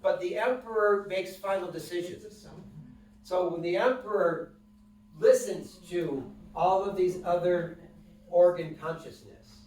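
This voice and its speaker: A man leads a class as he teaches, pitched a touch high, explaining things plainly and checking in with his students through questions. He is caught from across the room, so his voice rings with heavy echo. A faint hiss sits under the recording. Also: steady tone, unhurried, a little mellow. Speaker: wellness instructor. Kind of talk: classroom lecture with guided breathing. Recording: echoey room, mic from a distance.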